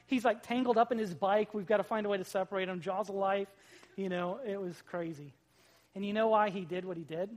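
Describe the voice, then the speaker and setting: A man in his thirties preaching a sermon, telling a family story with big swings from hushed to loud. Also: high voice. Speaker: pastor.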